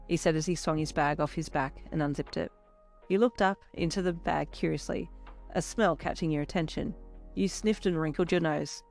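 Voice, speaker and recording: Woman narrator, fanfic reading, lowish voice, steady, faint music behind. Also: a little fast. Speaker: fanfiction reader. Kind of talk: second-person story narration.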